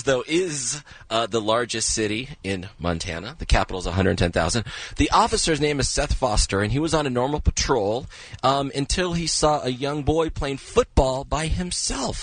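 A man's voice: mid-range voice, fairly bright tone, no echo. A man co-hosting a radio show in casual banter, playfully telling a feel-good news story from outdoors at a festival. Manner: playful, jokey, breaks into laughs and impressions. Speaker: radio co-host. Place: outdoors at a festival, planes overhead.

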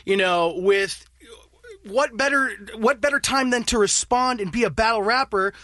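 High-voiced man bantering on radio. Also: normal speed, pushed and bright, no echo. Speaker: radio show staffer. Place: radio studio.

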